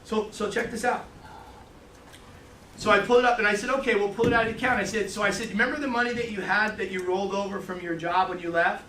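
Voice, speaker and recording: High-voiced New man, echoey room. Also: fast, far from the mic, slight background noise. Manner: animated storytelling, repeats words. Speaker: financial services trainer. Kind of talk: training talk to a room.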